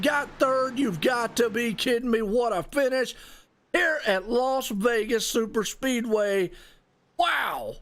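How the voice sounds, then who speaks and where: Calling a sim race live, this very high-pitched man stays unhurried while sounding folksy and excitable. He sprinkles his commentary with "y'all" and "ain't."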